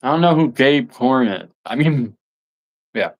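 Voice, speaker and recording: A man's voice: medium pitch, lively intonation, measured pace, rough recording. Rambling young man on a livestream. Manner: rambling, laughs often, many fillers. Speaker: livestream host. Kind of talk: casual livestream chat.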